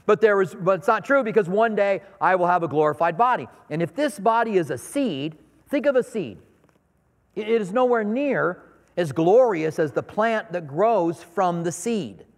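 A man's voice: high-pitched, lively intonation, normal speed. A middle-aged man preaching a sermon in a conversational, storytelling way, acting out little scenes in his anecdotes. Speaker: pastor. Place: church sanctuary. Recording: long reverb of a large hall.

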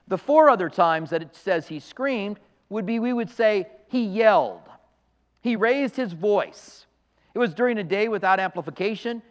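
A man's voice: high-pitched, in a large hall. A man preaching a sermon as a pastor, emphatic and conversational, with asides to the congregation. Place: church sanctuary.

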